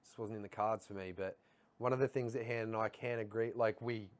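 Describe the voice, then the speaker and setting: Laid-back Aussie bloke, lowish voice. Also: male voice, steady tone, a little fast. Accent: Australian. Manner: laid-back, reflective, laughs easily. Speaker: podcast co-host. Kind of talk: casual chat.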